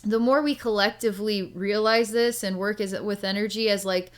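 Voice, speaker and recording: Rambling through a casual reading, this woman psychic chats away with plenty of filler words like "like" and "um." She speaks in a steady, mid-range voice at a moderate pace.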